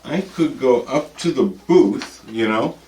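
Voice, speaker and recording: A man's voice: mid-range voice, lively intonation, slow, mellow, slight background noise. A man hosting a show, bantering casually and teasingly with his co-host. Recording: roomy and distant.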